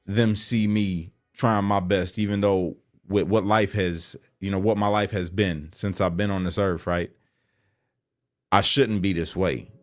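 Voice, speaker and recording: A man with a fairly low voice speaks in an earnest, conversational way, loose with slang and easy fillers. Faint music plays under his casual vlog talk. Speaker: vlogger. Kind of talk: casual reflective monologue.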